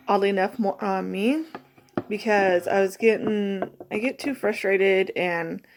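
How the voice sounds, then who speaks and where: A mother reads from her journal, then talks reflectively and a little nervously, pausing and restarting as she goes. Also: mid-range voice, a little mellow. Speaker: mother vlogging.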